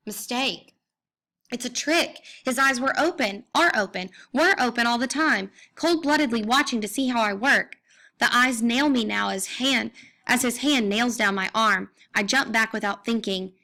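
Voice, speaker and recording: A woman's voice: mid-range voice, bright, forceful tone. A young adult woman reading a first-person story aloud, intense and rising to anguished cries at moments of pain. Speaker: audiobook reader. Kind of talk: dramatic first-person narration.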